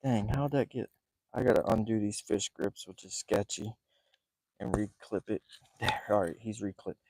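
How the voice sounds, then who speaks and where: A man live-streaming a night fishing trip from a small boat, talking in an excited, rambling way and breathing heavily. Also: on the low side, normal speed, no room sound, low-quality recording. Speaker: fishing vlogger. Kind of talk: live outdoor fishing vlog.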